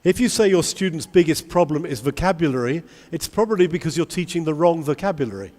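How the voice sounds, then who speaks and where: A man giving a lively conference talk to English teachers, asking the audience many questions. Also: on the high side, fast talker. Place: large convention hall. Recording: long hall reverb.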